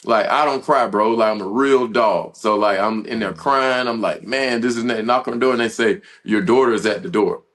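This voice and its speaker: Guy in his 30s, ex football player, telling a rough story on a podcast, stops and restarts a lot, regular pitch. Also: fairly bright tone. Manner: halting, earnest, frequent restarts and fillers. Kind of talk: emotional personal storytelling.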